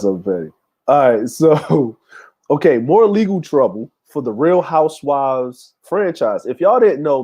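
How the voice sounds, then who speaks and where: A man hosts a casual livestream, chatting loosely and laid-back with his viewers, laughing and using frequent fillers. His voice is mid-range and mellow.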